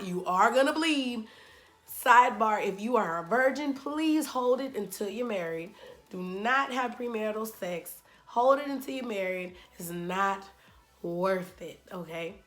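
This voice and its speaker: A woman's voice: medium pitch, fairly bright tone. A woman vlogger telling a candid personal story in a chatty way, full of fillers and dramatized moments.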